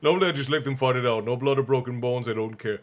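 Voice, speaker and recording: A man reading a bedtime story aloud on a stream and chatting with viewers in a relaxed, chatty manner. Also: medium pitch, fast talker. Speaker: stream host and reader. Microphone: streaming mic.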